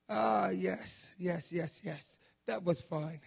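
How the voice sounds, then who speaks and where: A man with a raspy voice preaching a folksy, emphatic sermon in a church, reading scripture and praying aloud. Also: on the high side. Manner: folksy, emphatic, builds to shouting in prayer. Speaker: guest preacher.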